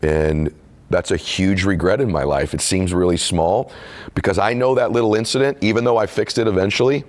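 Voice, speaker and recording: A middle-aged man with a very deep, low voice speaks candidly in an interview. He tells a personal story in an earnest, confessional way, leaning into the emotional moments. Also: brisk. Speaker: podcast host and author being interviewed.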